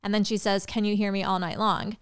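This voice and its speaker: A woman guest in a casual podcast chat, rambling and animated, full of "like" fillers. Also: mid-range voice, clear, resonant tone. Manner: rambling, heavy use of "like" fillers; animated, quick bursts of excitement.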